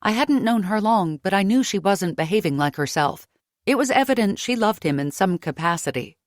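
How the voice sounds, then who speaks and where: A woman narrating a fantasy romance audiobook in first person, with a lively delivery and close studio sound. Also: moderate pace, no echo. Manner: lively, raising pitch for her own character's dialogue.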